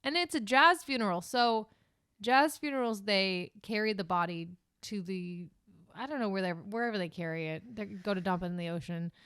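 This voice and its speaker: Chatty Californian woman, crisp and close. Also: mid-range voice, normal speed, fairly bright tone, no echo. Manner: rambling, swears freely, laughs easily. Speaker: podcast co-host. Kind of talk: casual chat.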